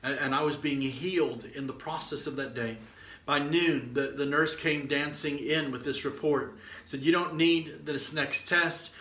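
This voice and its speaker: A man's voice: mid-range voice, fairly even intonation, normal speed, fairly bright tone, reverberant. A middle-aged man preaching and telling a testimony in a fervent, exhorting way, often stringing words together with repeated "and"s. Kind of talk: sermon storytelling.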